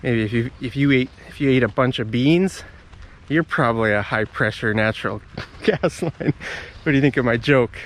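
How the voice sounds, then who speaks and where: An English teacher YouTuber records a casual walking vlog for his learners on a forest path outdoors. His mid-range, fairly bright voice moves at normal speed, chatty, rambling and friendly to viewers, and he's a bit out of breath.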